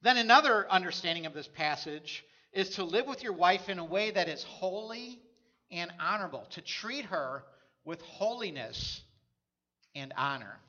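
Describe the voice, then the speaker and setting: A man's voice: sits high, lively intonation, moderate pace, sharp tone, lo-fi sound. A man preaching a sermon as a pastor, telling stories in a conversational way.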